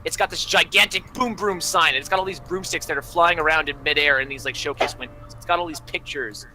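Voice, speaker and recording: A man's voice: a little high, a little fast, music in the background, rough recording. A young man narrating as game master, rambling through descriptions with many fillers.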